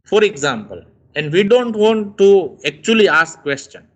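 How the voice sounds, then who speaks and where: A man's voice: sits high, lively intonation. A man, not a native English speaker, giving a recorded English lesson and acting out rising and falling tones as he explains them. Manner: slow, deliberate, demonstrating tones by exaggerating rises and falls. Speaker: English teacher.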